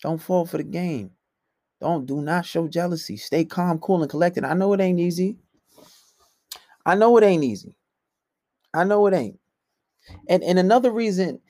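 A man's voice: no echo, clean studio sound. Blunt, profane man giving dating advice. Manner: blunt, profane, swings between loud outbursts and low muttering. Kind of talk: casual advice monologue.

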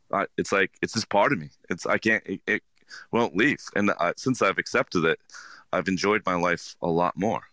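A man, a restaurant owner, talking earnestly in an interview, halting with many restarts. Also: sits low, bright, forceful tone, no echo. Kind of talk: casual interview talk.

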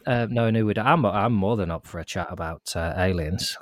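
A man's voice: low voice, normal speed. Jokey man reading listener emails. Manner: jokey, self-mocking, playful asides. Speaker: podcast co-host. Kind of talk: casual chat, reading listener messages.

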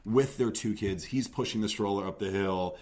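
A man co-hosting a podcast in casual chat, rambling and often trailing off softly. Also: on the low side, normal speed. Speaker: podcast co-host.

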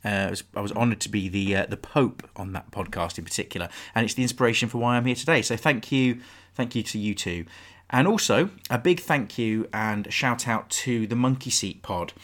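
A man's voice: lowish voice, brisk, few pauses, a bit bright. A man hosting a sports podcast in a casual, joking, chatty way. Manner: chatty, jokey, thanks guests. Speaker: podcast host.

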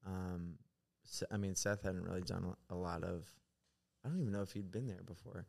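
Man, podcast host, casual chat, lowish voice, animated storytelling, swears a lot. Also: normal speed, vocal fry.

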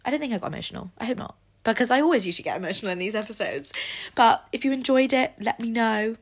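A woman's voice: fairly high pitch, fast. A young woman hosting a solo podcast, speaking earnestly and encouragingly, with self-deprecating asides. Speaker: podcast host.

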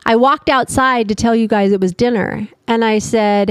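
Chatty middle-aged woman, fairly high voice. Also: steady tone, moderate pace, few pauses, clean tone, dry recording. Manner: chatty, tells stories with quoted dialogue. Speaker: podcast co-host. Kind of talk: casual chat.

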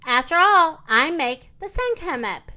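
A brash, bossy rooster , put on by a woman reading aloud who crows his demands loudly. His voice swings from low growls to high bursts in a storybook telling. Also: sing-song, unhurried, full character voice. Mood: pushy. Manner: pushy, smug, loud.

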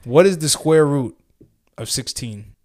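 A man's voice: on the high side, animated, unhurried, darkish tone. A man hosting a casual multiple-choice quiz among friends, talking loosely with stumbles and frequent laughs. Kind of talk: casual quiz game chat.

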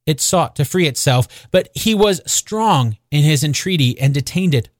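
A man narrating a classic novel as an audiobook, with expressive, measured storytelling. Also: on the high side, no echo, clean studio sound.

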